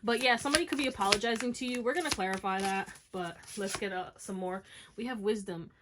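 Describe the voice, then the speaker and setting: A woman's voice: medium pitch, fast talker, very noisy. A woman doing a casual, chatty tarot reading, talking straight to her viewers and swearing now and then. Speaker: tarot reader.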